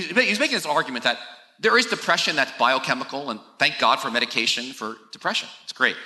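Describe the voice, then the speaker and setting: Older guy preaching, chatty and confessional, pokes fun at himself, bright voice, big roomy church echo. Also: on the high side. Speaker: pastor. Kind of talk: sermon. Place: large church hall. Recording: echoey church hall.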